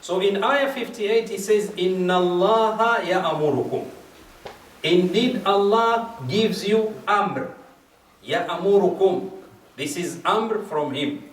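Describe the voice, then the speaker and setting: A man's voice: high voice, slow, a bit bright. Man giving a lecture in an echoey hall. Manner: explains verses step by step, repeating key phrases. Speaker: speaker at a majlis. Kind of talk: religious lecture. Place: mosque or community hall. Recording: echoey hall, mic at a distance.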